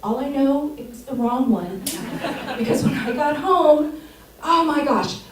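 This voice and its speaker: Stand-up, woman, 60s, high voice, chatty storyteller, echoey theater with audience. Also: slow pace, recorded from a distance, noisy background. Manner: chatty storytelling, laughs at own lines. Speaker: stand-up comic. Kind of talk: stand-up set.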